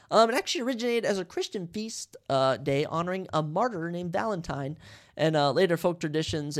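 A young American man hosting a podcast on his own, joking and rambling through a countdown list, swinging between hyped outbursts and mumbled asides. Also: on the high side. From United States. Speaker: podcast host. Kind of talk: casual solo podcast chat.

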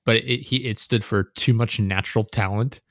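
Swearing, laid-back low-voiced podcast host. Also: male voice, fairly even intonation, moderate pace, dry recording, studio quality. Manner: rambling, swears often, laughs a lot. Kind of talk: casual gaming podcast chat.

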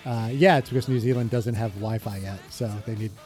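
A man's voice: medium pitch, steady tone, a little fast, a little mellow. A man in his thirties co-hosting a podcast, chatting casually about music with dry jokes. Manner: dry, joking, conversational. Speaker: podcast co-host.

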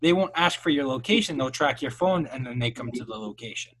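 Bright, animated young man. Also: medium pitch, brisk. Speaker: podcast guest. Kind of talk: casual chat.

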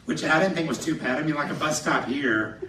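Bright-voiced male pastor in echoey hall. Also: a little high, fairly quick, a little hiss or hum. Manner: animated, laughing through stories. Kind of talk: sermon with personal storytelling. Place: church sanctuary, speaking from a podium. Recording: echoey hall, somewhat distant.

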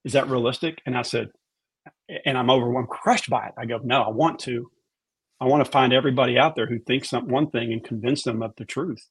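This podcast guest discusses his faith with real sincerity, talking a little fast. His voice is a touch husky and sits at a middle pitch, and he drives points home by repeating words.

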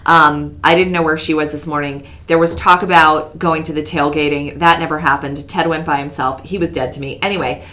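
A woman co-hosting a podcast, telling an expressive story and mimicking others. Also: low voice, fairly quick, few pauses. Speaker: podcast co-host. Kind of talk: casual chat.

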